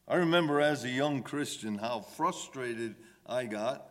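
Slow, emphatic preacher in a reverberant hall. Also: male voice, mid-range voice, lively intonation. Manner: emphatic, voicing the psalmist's pleas with rising intensity. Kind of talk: sermon.

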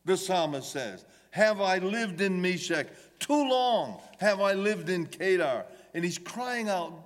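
A man's voice: high voice, expressive, slow pace, few pauses. A man preaching a sermon, speaking emphatically and voicing the psalmist's pleas with rising intensity. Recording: long hall reverb.

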